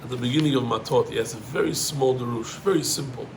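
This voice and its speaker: A middle-aged man, a rabbi, gives an animated Torah lesson, climbing in pitch on emphatic points and mixing in Hebrew terms. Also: fast talker, noisy background.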